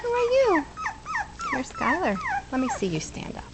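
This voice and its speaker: At a moderate pace, a woman with a very high voice and huge pitch swings coos and baby-talks at a litter of puppies she's filming at home. She chats casually into the camera mic, and loud background noise fills the home video.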